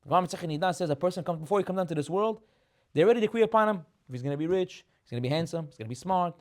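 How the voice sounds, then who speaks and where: Fast-talking animated rabbi, high voice. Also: male voice. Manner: animated, laughs often, mixes Hebrew terms. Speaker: rabbi giving a Torah class. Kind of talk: lively sermon on the weekly portion.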